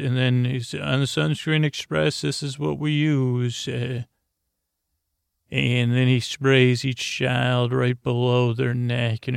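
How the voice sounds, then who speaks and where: A man's voice: medium pitch, vocal fry, no room sound, studio quality. A man narrating a rambling bedtime story, meandering and full of restarts. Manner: meandering, slow, with restarts and fillers. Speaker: podcast host.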